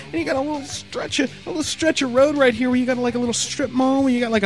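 High-voiced man ranting profanely. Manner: rambling, heavy swearing, animated asides. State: tired, yawning. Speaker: storyteller. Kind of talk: profane storytelling rant.

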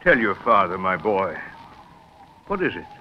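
An old lighthouse keeper. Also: male voice, low-pitched, very animated, a little slow, dull audio, a little hiss or hum. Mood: stern. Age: older. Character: aging male lighthouse keeper, fatherly and stern. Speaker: actor in radio drama. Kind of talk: old-time radio drama acting.

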